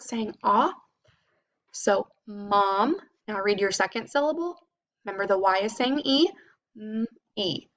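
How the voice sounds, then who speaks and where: Woman teacher, patient phonics lesson, a bit of fry in the voice. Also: medium pitch. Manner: slow, patient, sounding out words.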